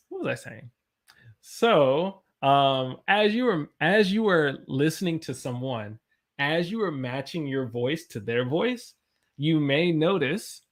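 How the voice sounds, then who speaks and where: Young American man, English teacher, live stream lesson, energetic, voice jumps high when excited.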